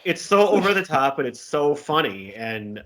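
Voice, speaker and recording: A man's voice: a little high, very animated, normal speed, a bit bright. A man co-hosting a podcast, chatting casually and laughing often. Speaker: podcast co-host. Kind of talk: casual chat.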